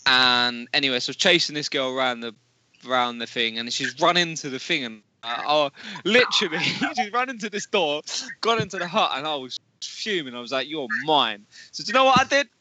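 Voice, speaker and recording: Guy, casual storyteller, very bright tone, dry close sound, lively pitch. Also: brisk, dry recording, rough recording. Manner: laughing, swearing, rambling anecdotes.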